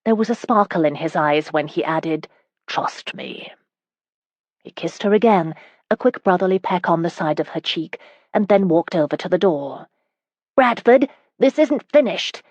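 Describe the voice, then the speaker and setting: A woman narrating a historical romance audiobook in a steady, even storytelling manner. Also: sits low, moderate pace, no echo, lo-fi sound.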